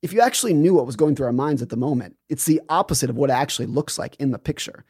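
A man who is an author and guest on a podcast, talking in a quick, eager, agreeable way. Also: medium pitch, lively intonation, darkish tone, slightly rough. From American. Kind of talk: casual interview conversation.

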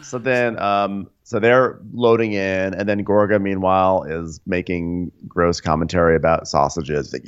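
Deep-voiced rambling podcast co-host. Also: male voice, fairly even intonation, moderate pace, hardly any pauses, smooth. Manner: rambling, filler-heavy, laughing. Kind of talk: comedic TV recap chat. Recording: slightly dull lo-fi recording.

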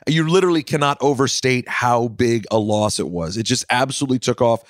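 Male podcast host, mid-pitched, matter-of-fact, dry close mic. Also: brisk, dry recording. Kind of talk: podcast narration and interviewing.

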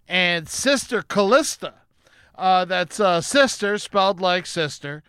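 Male podcast host, high voice, smooth and clear, slow unhurried delivery, giggly. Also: lively intonation, sharp tone, no room sound, clean studio sound. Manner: upbeat, giggly, quick to laugh. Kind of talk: casual comedy podcast chat. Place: home setup during lockdown.

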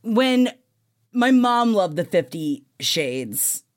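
A woman's voice: medium pitch, very animated, drawn-out words. A woman co-hosting a podcast, chatting casually and bluntly, laughing often. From Polish-American heritage. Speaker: podcast co-host. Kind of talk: casual chat.

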